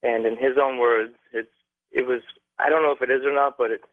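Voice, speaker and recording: Young male caller from Canada, halting phone storyteller, tinny and dry line. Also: medium pitch, steady tone, dry recording. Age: young adult. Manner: halting, many fillers and restarts.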